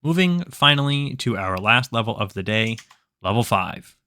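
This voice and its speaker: A man's voice: medium pitch, very animated, normal speed, pushed and bright. A man explaining a tabletop game character build step by step, in a methodical tutorial manner. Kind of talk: screen-recorded game tutorial.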